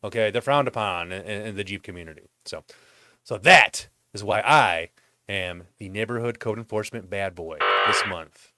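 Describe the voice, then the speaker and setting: A man hosting his own vlog, telling a comedic monologue at home in a profane, exasperated rant with animated swings in his delivery. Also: fairly low pitch, normal speed. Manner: profane ranting. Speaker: vlog host.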